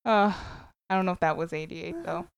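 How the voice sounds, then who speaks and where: A woman's voice: on the low side, level tone, fast talker, vocal fry, clean tone, no room sound, lo-fi sound. A woman co-hosting a podcast in casual chat, blunt and chatty, breaking into sung song snippets. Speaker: podcast co-host.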